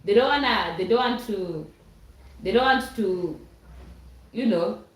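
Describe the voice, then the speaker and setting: Slow-talking woman reading live chat. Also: medium pitch. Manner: chatty, laughs often, reads comments aloud. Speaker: livestream host reading chat. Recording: roomy echo.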